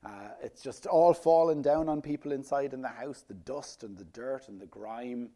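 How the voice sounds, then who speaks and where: A man preaching a sermon, lively and rhetorical, often putting questions to his listeners. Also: mid-range voice, moderate pace. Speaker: pastor.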